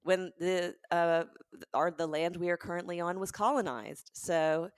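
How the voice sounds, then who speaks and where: A woman's voice: fairly low pitch, moderate pace, smooth, dry recording. A woman with a Southern US accent, co-hosting a comedic podcast with a teasing manner and Southern expressions. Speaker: podcast co-host. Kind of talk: casual comedic chat.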